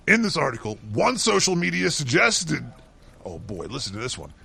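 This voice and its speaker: A man's voice: fairly high pitch, vocal fry, sharp tone, slightly rough. A man co-hosting a comedic talk show, delivering a profane, mocking rant. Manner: ranting, swears constantly, mocking. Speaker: co-host doing a segment.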